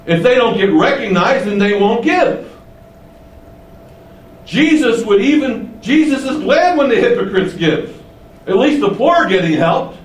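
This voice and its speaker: A man's voice: high voice, very animated, measured pace, distant mic. Preaching man in an echoey hall. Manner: conversational, rhetorical questions, rising emphasis. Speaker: pastor. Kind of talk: expository sermon.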